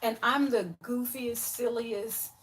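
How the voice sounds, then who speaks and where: A woman in her forties talks straight to camera in a casual commentary vlog, sounding exasperated and sarcastic. Her voice sits high and she speaks slowly, drawing out her points. Now and then she drops into quiet, muttered asides. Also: steady tone, slight background noise. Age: 40s. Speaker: YouTube commentator.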